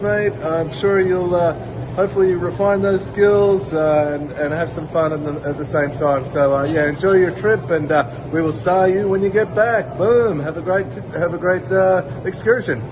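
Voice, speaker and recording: A man sending an upbeat shout-out outdoors, punctuated with "boom". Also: background noise.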